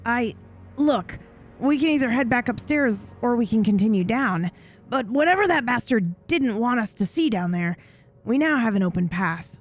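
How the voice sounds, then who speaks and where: A woman's voice: on the high side, animated, moderate pace, faint music behind, voice pushed up. A woman voicing a scrappy, brash male goblin companion who talks bluntly and swears casually. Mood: urging.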